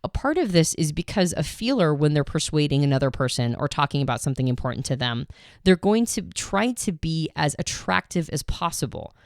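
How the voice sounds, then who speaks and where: A woman co-hosting a podcast, explaining ideas in a measured, analytical way, mostly even in tone with some inflection. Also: low voice, no room sound, studio quality. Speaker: podcast co-host.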